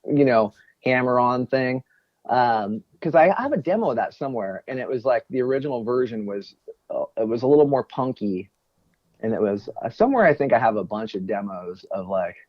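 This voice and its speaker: A man's voice: mid-range voice, expressive, a little fast, no echo. A man in casual podcast chat as a guest co-host and former bandmate, rambling and joking. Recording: muffled lo-fi audio.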